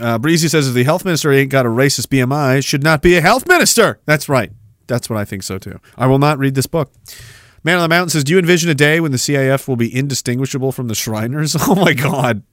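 A man's voice: medium pitch, a bit bright, no echo, studio quality. A man hosting a livestream podcast, ranting sarcastically, laughing at his own riffs and reading chat comments aloud. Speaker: podcast host.

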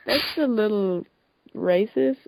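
A woman co-hosting a casual podcast chat over a Skype call, teasing and quick to laugh. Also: mid-range voice, gravelly, a little mellow, poor audio. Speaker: podcast co-host.

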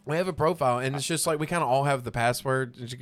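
A man's voice: medium pitch, fast. A man in his thirties, a band vocalist guest, chatting casually with lots of fillers and swearing. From United States. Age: 30s. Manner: relaxed, rambling, heavy on fillers and swearing. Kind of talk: casual podcast chat.

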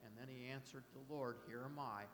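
A man's voice: medium pitch, fairly even intonation, a little fast, a bit bright, a little hiss or hum. A man taking part in a Bible study discussion, speaking hesitantly with repeated words. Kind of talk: casual group discussion. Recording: roomy echo with faint ambience.

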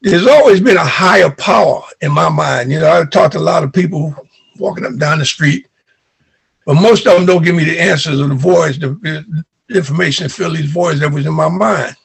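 Gravelly high-voiced older man telling stories. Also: a little fast. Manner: animated storyteller who acts out remembered dialogue. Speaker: interviewee. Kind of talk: recounting childhood memories.

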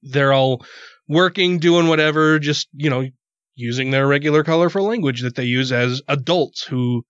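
A man's voice: on the high side, moderate pace, a bit bright, clean tone, no echo. Laughing, foul-mouthed man telling stories. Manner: crude, laughs often, tells anecdotes. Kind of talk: casual chat. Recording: dry, dull lo-fi sound.

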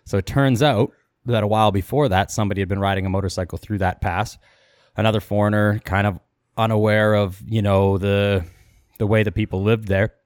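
A podcast co-host casually retells a travel story, quoting the people in it in passing with an animated delivery. His voice is lowish and brisk, recorded in clean studio sound with no echo.

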